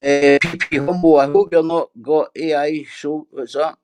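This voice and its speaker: A man's voice: on the high side, steady tone, normal speed, hardly any pauses, a little mellow. A middle-aged man hosting a casual livestream, reading out viewer comments and answering them with sweary, mocking banter.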